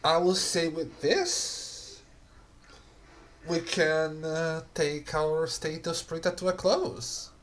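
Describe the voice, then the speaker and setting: A slow-paced host closes out a casual streamed chat, leaning on fillers as they go. The mic is noisy, with audible clicks. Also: mid-range voice. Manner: relaxed, hesitant with many fillers.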